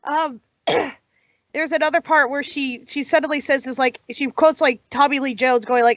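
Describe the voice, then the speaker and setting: A woman's voice: sits high, fairly even intonation, dry recording, muffled recording. A woman co-hosting a podcast, talking in exasperated casual chat, swearing and stumbling through fillers. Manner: exasperated, profane, halting with fillers. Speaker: podcast co-host.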